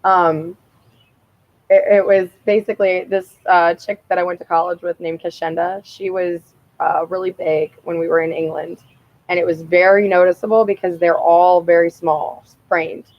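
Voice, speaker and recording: A young woman vlogging outdoors, telling a rambling story in a casual, profane, animated way and laughing often. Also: fairly low pitch, moderate pace, lo-fi sound.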